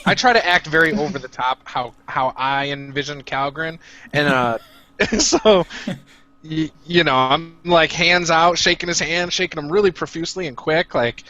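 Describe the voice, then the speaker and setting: A man's voice: on the high side, moderate pace, pushed and bright, muffled recording. A man playing a tabletop game, animatedly describing what his character does. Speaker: player. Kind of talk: casual chat during a tabletop game.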